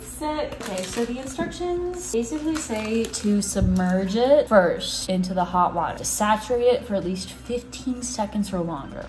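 A woman's voice: a little high, a little mellow, rough recording. A young woman talking casually to a camera on a tripod in a room at home, rambling with lots of "like" fillers, blunt and swearing. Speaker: YouTuber reviewing a product. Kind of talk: casual vlog chat. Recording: background noise with clicking sounds.

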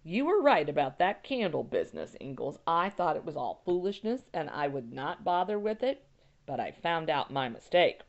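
A humbled male neighbor speaks plainly and sheepishly in a storybook reading, voiced by a woman. The voice is low with a gravelly rasp, and the recording is somewhat dull. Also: very animated, normal speed, heavily acted.

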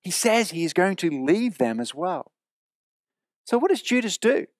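Man preaching earnestly, fairly high voice. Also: big pitch swings, dry recording, studio quality. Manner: earnest, emphatic, with slowed repeated phrases. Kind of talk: sermon. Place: church.

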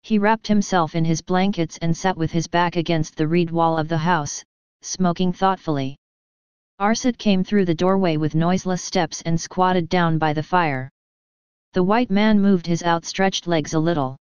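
A woman reading an audiobook story in a slow, measured narration. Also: fairly low pitch, darkish tone, clear, resonant tone, no echo, muffled recording. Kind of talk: scripted narration.

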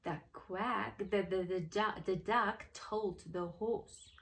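Preschool teacher, woman, bright voice, expressive read-aloud with questions to children. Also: medium pitch, a little hiss or hum. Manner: expressive, pauses to ask the listeners questions. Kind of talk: reading a picture book aloud to children.

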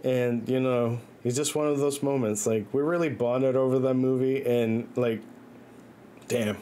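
A man's voice: mid-range voice, fairly even intonation, a little slow, warm tone, a little hiss or hum. A man livestreaming from his bedroom, chatting loosely and rambling, often breaking into laughs. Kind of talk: loose casual chat while gaming. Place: own bedroom.

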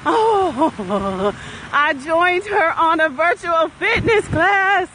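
A middle-aged woman, an investment coach and vlogger, live-streams a walking vlog from her phone along a path beside a pond. Her very high voice is animated and very slow, and she sounds upbeat, chatty and breathless, cheering herself on. Background noise is audible.

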